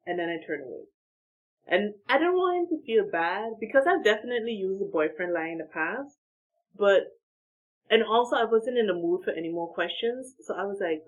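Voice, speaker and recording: Husky-voiced woman from saint martin. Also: medium pitch, moderate pace, muffled recording. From Saint Martin, Dutch Caribbean. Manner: animated, laughs between lines, chatty slang. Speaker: vlogger telling a story. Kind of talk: casual storytime.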